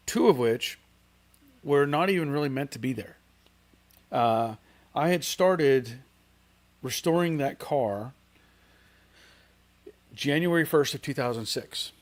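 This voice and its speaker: A man's voice: mid-range voice, unhurried, long pauses. A middle-aged man hosting a car channel livestream in casual, rambling chat, reading out viewer comments.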